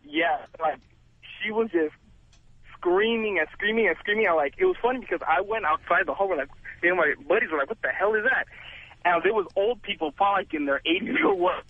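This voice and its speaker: A young man calling a radio show by phone, excited and full of slang. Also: high voice, brisk, slightly rough, dry recording. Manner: excited, laid-back surfer slang. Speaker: caller. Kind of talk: phone-in chat. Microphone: telephone. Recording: tinny phone line.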